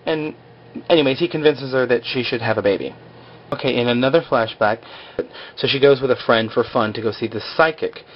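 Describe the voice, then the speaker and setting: A man's voice: medium pitch, a little fast, a little hiss or hum. A man casually recapping a TV episode in a rambling way, full of fillers, on a slightly dull lo-fi recording. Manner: rambling, full of "like" and "you know".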